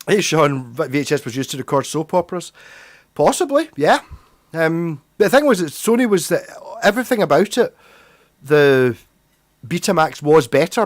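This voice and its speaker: A man's voice: fairly high pitch, dry recording. A middle-aged man, hosting a livestream and chatting loosely with viewers, rambling and swearing freely. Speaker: livestream host. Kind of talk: casual livestream chat.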